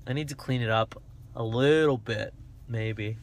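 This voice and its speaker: A man's voice: mid-range voice, a little slow, slight background noise. A man casually livestreaming from inside a parked car, rambling and joking with viewers on his phone. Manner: rambling, jokey, sings snatches of songs. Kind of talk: casual live chat. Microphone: phone held in a car.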